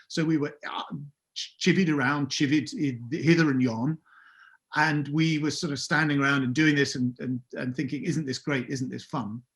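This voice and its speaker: A man in his fifties with a somewhat higher-pitched voice. He is a podcast guest, telling an animated, self-deprecating story with dry humour. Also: moderate pace. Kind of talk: anecdotal storytelling.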